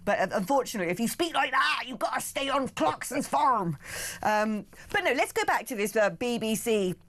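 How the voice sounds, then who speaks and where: A woman's voice: on the high side, lively intonation, moderate pace, fairly bright tone. A woman from the West Country hosting a talk radio show, chatty and sarcastic. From West Country of England. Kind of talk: opinionated talk radio chat.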